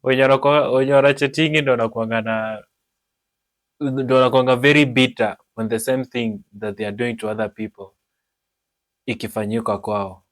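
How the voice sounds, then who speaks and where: A man's voice: mid-range voice, steady tone, fairly quick, dry recording. A Kenyan man hosting a podcast, who makes brief remarks mixing Swahili slang with English. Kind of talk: casual podcast chat.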